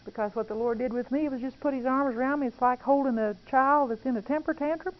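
A woman's voice: sits high, fast talker. Earnest woman sharing her faith. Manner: earnest, intimate, confiding. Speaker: Christian speaker. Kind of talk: testimony-style talk on prayer. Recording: dull lo-fi recording.

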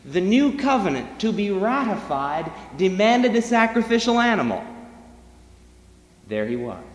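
A man preaching a sermon, swinging between loud declarations and hushed, low-pitched passages. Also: big pitch swings, measured pace, in a large hall.

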